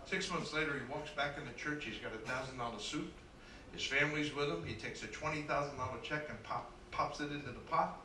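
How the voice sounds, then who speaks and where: A man doing stand-up comedy as a cruise ship entertainer, telling brisk jokes with asides to the crowd. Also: a little high, pushed and bright, a little hiss or hum. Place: cruise ship show room. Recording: echoey room from a distance, live band.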